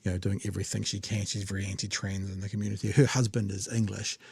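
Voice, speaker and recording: A man's voice: lowish voice, level tone, fast talker, vocal fry, darkish tone, husky, no echo. A man with a New Zealand accent hosting a podcast, giving blunt, sweary, sardonic political commentary. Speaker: podcast host.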